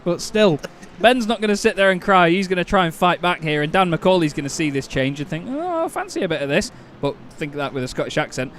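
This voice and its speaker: Speaking with a Northern English accent, this man gives excitable, jokey live sim racing commentary, quick to laugh and exclaim. His voice runs on the high side, with a little hiss or hum present.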